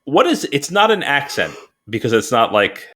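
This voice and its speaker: Male co-host, casual and animated, pitch jumps around as he retells his reactions. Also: normal speed. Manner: animated, laughing, mimics his own reactions. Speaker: podcast co-host. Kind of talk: casual chat.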